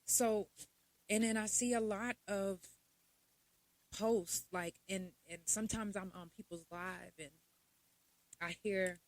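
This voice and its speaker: A young adult woman, hosting a podcast in a blunt, profane, animated casual monologue. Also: medium pitch, slow pace, long pauses, dry recording. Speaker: podcast host.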